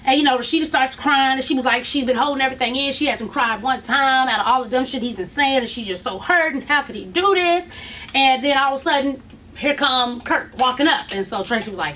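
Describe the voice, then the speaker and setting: A woman's voice: sits high, quick pace, sharp tone. A woman hosting a casual gossip recap of a reality show, telling the story animatedly and acting out the quotes. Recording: distant mic with faint noise.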